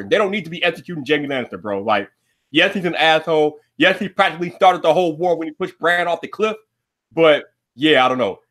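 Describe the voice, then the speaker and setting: A man's voice: fairly high pitch, a bit bright. A man hosting a live stream, chatting casually with slang and frequent laughs. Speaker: livestream host. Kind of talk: casual chat.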